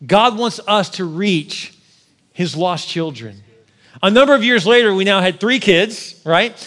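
A man in his forties preaching a sermon with personal stories, animated, joking with the congregation and rising to near shouts at his peaks. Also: high voice, unhurried. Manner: jokes with the congregation. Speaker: pastor.

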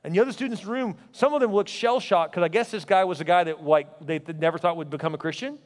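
A man in his forties delivers a sermon in a high, ringing voice. He tells a story with animated energy, acting out what each person said, and then drives his point home with emphatic repeated phrases. Long reverb trails every line, as in a large hall. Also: fast. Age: 40s. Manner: emphatic, repetitive exhortation. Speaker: preacher.

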